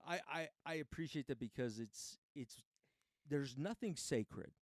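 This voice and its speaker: A man's voice: mid-range voice, expressive, unhurried, no echo. A man hosting a loose, profane conversation, telling stories and acting out the people in them. His voice sits in an average range and sounds close and dry. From Mexican upbringing. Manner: profane, laid-back storyteller who acts out quotes. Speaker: podcast host. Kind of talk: casual chat.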